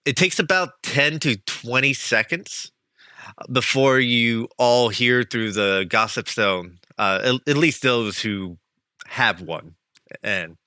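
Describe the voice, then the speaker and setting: Slow, halting man narrating role-play. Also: medium pitch, pushed and bright, smooth, dry recording, studio quality. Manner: halting, many fillers. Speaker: tabletop player.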